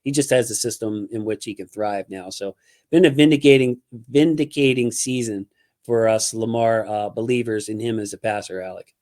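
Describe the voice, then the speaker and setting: A man hosting a casual sports talk show on his own channel, speaking in an animated, emphatic way. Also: lowish voice, moderate pace. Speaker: podcast host.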